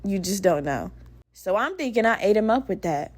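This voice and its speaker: A young woman talks straight to her listeners as a podcast host, spinning a personal story in a loose, unfiltered way. She swears freely and keeps the telling candid and animated. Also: medium pitch, normal speed. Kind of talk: casual storytelling monologue.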